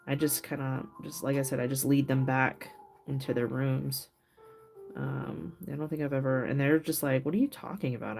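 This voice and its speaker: A woman's voice: sits low, a little mellow. A middle-aged woman hosting a craft livestream, chatting casually with viewers, laughing often and telling loose stories full of fillers. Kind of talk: casual chat with live viewers. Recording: faint music behind.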